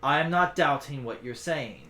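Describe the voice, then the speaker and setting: A man voicing a weary old male orc warrior who speaks in a low, tired and measured way. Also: animated, noisy background, natural voice. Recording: echoey room.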